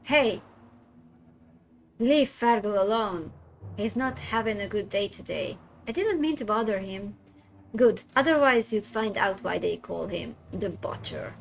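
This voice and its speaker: A woman voicing a gruff, threatening male gang heavy in a narrative game, blunt and menacing. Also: mid-range voice, animated, unhurried, a little hiss or hum.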